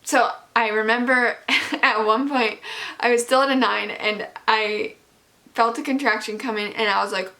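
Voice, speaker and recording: A woman's voice: on the high side, steady tone, a little slow, pushed and bright. A young woman vlogger telling a personal story in a casual, candid way, with lots of likes and ums.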